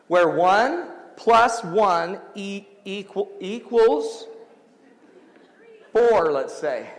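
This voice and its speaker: A man hosting a radio show, then giving a lively motivational speech to a large audience, telling stories and acting out the dialogue. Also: sits high, long reverb tail. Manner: animated storyteller, acts out dialogue, audience laughter. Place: large hall before an audience.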